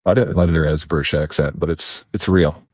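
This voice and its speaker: A man's voice: very deep voice, fairly even intonation, fast, husky, dry recording, studio quality. A man co-hosting a podcast in casual chat, rambling and restarting his sentences. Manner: rambling, repeats words, restarts. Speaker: podcast co-host.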